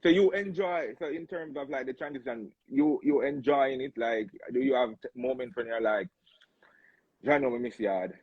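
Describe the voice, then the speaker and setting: Husky male interviewer, dry dull sound. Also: medium pitch, moderate pace, few pauses, no echo. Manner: easygoing questions with short "mm" backchannels. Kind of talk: casual interview chat. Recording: dull, dry close mic.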